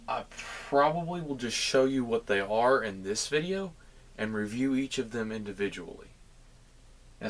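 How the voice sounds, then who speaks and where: A man's voice: medium pitch, fairly bright tone. A young man with a Southern American accent chatting casually to viewers about his holiday toy haul, rambling and friendly. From Southern United States. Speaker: collectibles vlogger.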